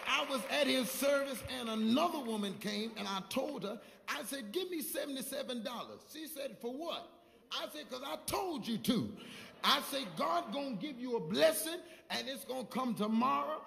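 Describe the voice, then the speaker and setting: High-pitched gravelly preacher in a reverberant church. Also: male voice, lively intonation, fairly quick, fairly bright tone, slight background noise. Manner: call-and-response preaching, storytelling with quoted dialogue. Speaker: prophet preaching. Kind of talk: sermon.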